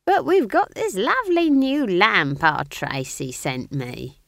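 A woman reading, who puts on a homely old witch, cheerful and folksy. She drawls her words out slowly with a lively lilt. The sound is dry and close. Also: fairly low pitch, no room sound, voice pushed up, exaggerated voice. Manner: folksy, drawn-out, chuckling.

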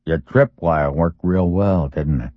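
A man's voice: low-pitched, a little slow, no echo. Reacher, a man doing a blunt tough ex-soldier. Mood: calm, dry. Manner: terse, commanding orders. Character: big, battered, tough ex-military man, commanding and blunt. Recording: dull lo-fi dry recording.

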